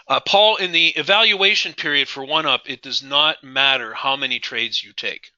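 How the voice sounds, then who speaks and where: A man's voice: mid-range voice, moderate pace, sharp tone, no room sound, dull audio. A man teaching a live trading class, emphatic, repeating key phrases and asking his audience questions. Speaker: trading instructor.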